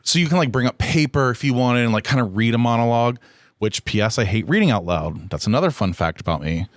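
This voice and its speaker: A man's voice: mid-range voice, animated, quick pace, no echo, clean studio sound. A man hosting a solo podcast, talking in a rambling, candid and profane way, often poking fun at himself. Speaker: podcast host. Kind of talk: casual solo podcast chat.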